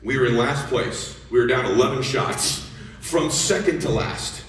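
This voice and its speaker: Animated man telling a story on stage. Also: medium pitch, measured pace, a crowd in the background. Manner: storytelling, animated, acts out dialogue. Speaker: motivational speaker. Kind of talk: motivational speech to an audience. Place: large hall with audience laughing. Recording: echoey hall, voice from far off.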